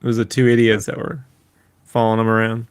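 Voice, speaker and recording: A man's voice: on the low side, monotone, quick pace, clear, resonant tone, dry recording. A man co-hosting a podcast, chatting casually, joking and swearing, laughing often. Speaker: podcast co-host. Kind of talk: casual chat.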